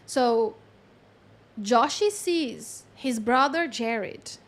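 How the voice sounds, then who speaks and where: A woman channeling a story in a chatty, animated way, with lots of fillers and frequent laughs. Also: on the high side, drawn-out words. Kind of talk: casual storytelling.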